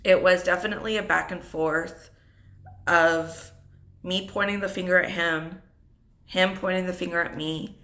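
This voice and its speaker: Slow, tearful woman telling her story. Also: fairly low pitch, fairly even intonation, fairly bright tone. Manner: slow, reflective, holding back tears. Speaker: single mother vlogger. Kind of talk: unscripted personal story.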